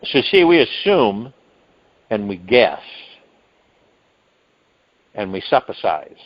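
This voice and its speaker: A man hosting a meditation call, giving a rambling spiritual talk with restarts and drawn-out emphasized words, heard over a phone conference line. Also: lowish voice, big pitch swings, lo-fi sound.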